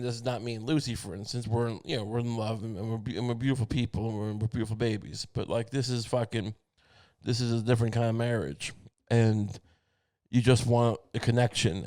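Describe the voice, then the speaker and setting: A man's voice: medium pitch, a little mellow. Male comedy podcaster riffing solo: profane, meandering, keeps restarting his sentences. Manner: profane, rambling, frequent restarts. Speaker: podcast host.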